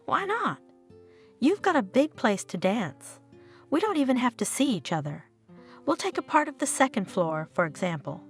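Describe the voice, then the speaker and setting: A woman's voice: fairly high pitch, big pitch swings, moderate pace, soft background music. Woman voicing a chatty country girl. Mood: eager. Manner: chatty, artless and bold. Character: young woman feigning a naive country girl.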